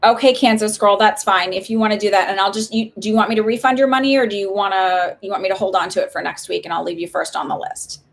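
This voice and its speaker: A woman's voice: medium pitch, quick pace, hardly any pauses. A woman giving casual psychic readings on a live stream, chatty and reassuring, with many likes and ums.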